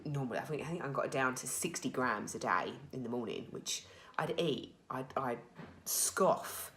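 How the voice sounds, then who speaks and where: A woman's voice: extremely low pitch, a bit bright, slight background noise. A woman in her thirties with a British accent, talking candidly and a little emotionally in a rambling personal video diary, full of fillers and restarts. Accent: British English. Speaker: vlogger sharing her recovery.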